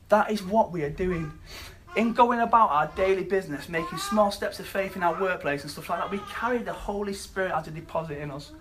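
A man preaching a sermon, telling a scripture story earnestly and dropping to quiet emphasis. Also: high-pitched, slight background noise.

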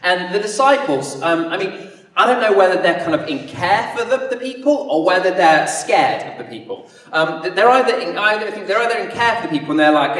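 High-voiced preacher in an echoey hall. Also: male voice, expressive, a little fast, fairly bright tone, distant mic. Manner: conversational, storytelling with acted-out voices. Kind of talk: sermon.

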